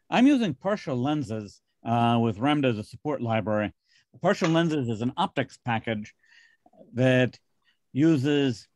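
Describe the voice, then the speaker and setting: A man's voice: medium pitch, a little mellow, no echo. A man explaining a technical approach steadily on a casual video call.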